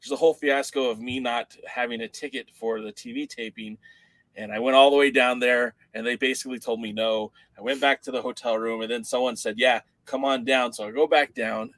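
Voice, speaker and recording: A man co-hosting a wrestling chat podcast, his pitch sitting in a middle range. He tells stories with a lot of energy and acts out the voices of the people in them. The sound is dry, with no room around it. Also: a little fast, no echo, low-quality recording. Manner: animated storyteller, acts out quoted voices. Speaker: podcast co-host.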